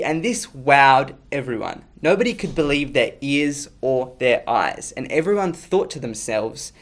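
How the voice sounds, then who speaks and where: A man's voice: fairly high pitch, normal speed, soft background music. A man presenting a children's ministry lesson, telling a story with energy and talking to the kids. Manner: energetic, talks to the audience.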